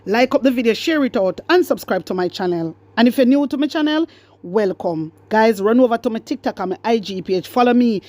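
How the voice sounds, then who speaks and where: Defiant Jamaican woman vlogger, high voice. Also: animated, a little fast, a little mellow, no echo. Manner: defiant, repetitive, mixes patois and English. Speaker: political vlogger. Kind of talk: fiery rant to camera.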